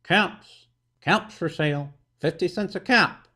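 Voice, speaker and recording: A man voicing an exasperated cap peddler who scolds and shouts at monkeys in a children's storybook. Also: sits high, slow, voice pushed up, exaggerated voice. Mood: calling out wares. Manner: shouting, scolding, finger-wagging.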